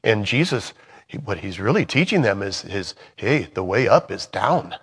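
A man's voice: lowish voice, sing-song, normal speed, vocal fry, fairly bright tone, breathy edge, big-room sound. A middle-aged man leading a Bible study. He talks earnestly and conversationally, then reads scripture aloud, often correcting himself as he goes. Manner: earnest and conversational, with many restarts while reading. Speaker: Bible study teacher and songwriter.

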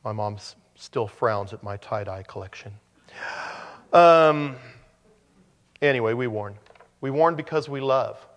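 A man's voice: medium pitch, in a large hall. A man preaching a sermon as pastor, in a conversational manner with joking asides.

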